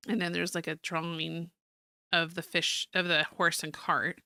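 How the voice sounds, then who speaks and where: A woman's voice: lowish voice, fairly even intonation, sharp tone, smooth, dry recording, clean studio sound. An American woman giving casual, self-deprecating commentary while playing a game. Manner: chatty, self-deprecating, quick asides. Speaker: game streamer.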